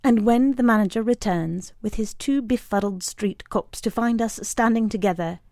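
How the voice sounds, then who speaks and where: A woman reading a short story aloud in a measured storytelling voice. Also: fairly high pitch, mellow, no echo, clean studio sound. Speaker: reader.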